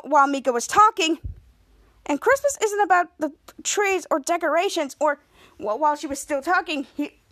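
Young woman, high voice, casual recap, animated, gasps, acts out characters' lines. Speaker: podcast host recapping a TV episode.

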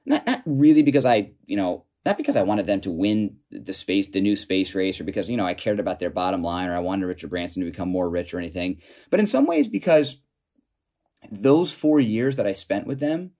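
A man telling a story as an interview guest, halting with many restarts and chuckling now and then. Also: fairly low pitch. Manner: animated, chuckling while telling anecdotes. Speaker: author and guest.

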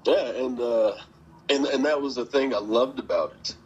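A man's voice: mid-range voice, moderate pace, husky, muffled recording. A man telling rambling stories in a casual interview, laughing often, cursing and acting out what people said. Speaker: guest, wrestler.

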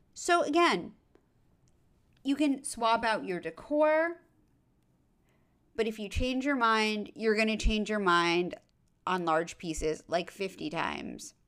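A tired woman hosts a podcast, chatting casually and handing out advice in a mid-range voice that sounds pushed and bright. She uses lots of fillers, wanders into asides, and makes self-deprecating jokes.

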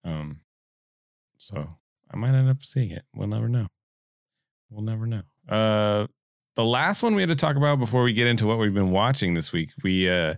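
A man's voice: on the low side, creaky, dry recording, studio quality. A man co-hosting a podcast, chatting casually in an easygoing way with fillers. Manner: easygoing, fillers, says dude. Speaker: podcast co-host. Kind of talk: casual chat.

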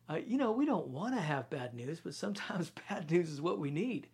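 A man in his thirties, a pastor preaching a sermon in a conversational, storytelling way that drops into quiet, intense stretches. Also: on the high side, lively intonation, normal speed, vocal fry, husky.

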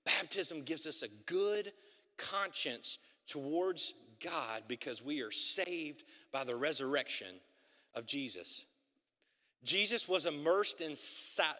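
Male pastor, high bright tone, earnest sermon with rising repetition, long church reverb. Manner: earnest, building to emphatic repetition. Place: church sanctuary.

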